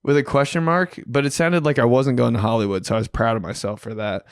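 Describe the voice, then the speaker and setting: Young male storyteller, casual and animated, slangy, mid-pitched, dry close mic. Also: quick pace, smooth, no echo. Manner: animated, slangy, acts out quotes in a higher voice. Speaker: podcast host telling a story.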